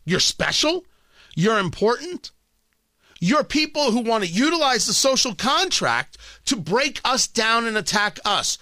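Talk radio guy ranting solo, high lively voice, bright sharp tone, dry studio sound. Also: a little slow, dry recording. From Indianapolis. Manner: emphatic, sarcastic, repeats phrases for punch. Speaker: radio talk show host. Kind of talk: opinionated talk radio monologue.

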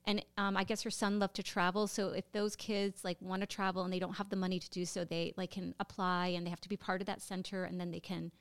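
A woman's voice: fairly low pitch, level tone, smooth, no echo. Emotional American woman podcaster. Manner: emotional, halting, many fillers. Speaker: podcast co-host. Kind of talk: casual storytelling chat.

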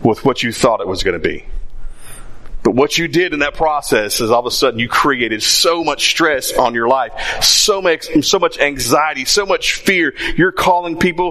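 A man's voice: medium pitch, animated, normal speed, bright, forceful tone. A man preaching a sermon in a conversational way, acting out little asides. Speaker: pastor.

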